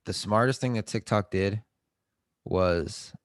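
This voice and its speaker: Deep-voiced young man, loose and profane. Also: takes it slowly, dry recording. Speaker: podcast co-host. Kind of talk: casual chat.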